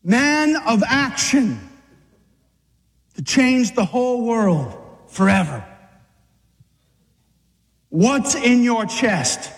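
A man preaching an impassioned sermon to men, dramatic and forceful, sometimes acting out voices. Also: very high voice, lively intonation, very slow, long pauses. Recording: long hall reverb.

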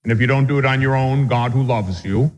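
Priest lecturing in a reverberant hall. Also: male voice, mid-range voice. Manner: deliberate, reads text aloud then explains it with stories. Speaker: Catholic priest teaching a catechism class. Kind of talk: classroom lecture on religious doctrine.

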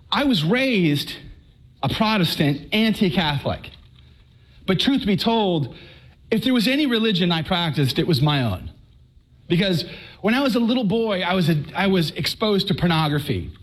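A man from Texas giving a humorous personal testimony to a live audience, telling his story in a lively way and stammering and repeating words for effect. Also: high voice, moderate pace, low-quality recording. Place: speaking before an audience.

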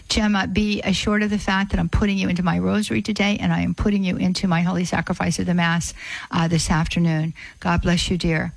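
A woman hosting a call-in radio show, leading a spoken prayer and talking warmly with callers in an earnest, repetitive way. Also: lowish voice, level tone, a little fast, creaky, no echo, rough recording. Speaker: radio host.

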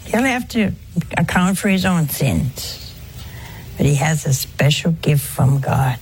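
An older woman speaking slowly in a slightly low voice, giving a folksy religious talk to a gathering. She coaxes with rhetorical questions and gentle humor. Faint noise hums behind her. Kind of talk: talk to an audience on confession.

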